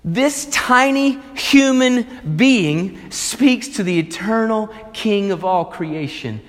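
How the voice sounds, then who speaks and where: A male pastor preaching a sermon, retelling a story with animated, emphatic delivery. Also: high-pitched, slow pace, hardly any pauses, long reverb tail.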